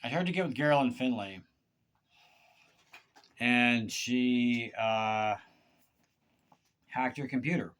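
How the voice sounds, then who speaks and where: A man giving a confessional monologue to one person, halting and aggrieved, with stammered restarts and repeated words. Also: medium pitch, fairly bright tone, clean tone. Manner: aggrieved, pleading. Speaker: vlogger.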